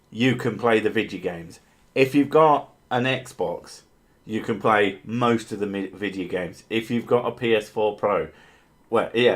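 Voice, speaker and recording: A man with a lowish voice talks loosely through a livestream, replying to chat messages as they come in. He rambles, loses his thread, fills gaps with ums, and swears offhandedly. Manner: rambling, swears casually, many fillers and restarts. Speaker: streamer answering chat.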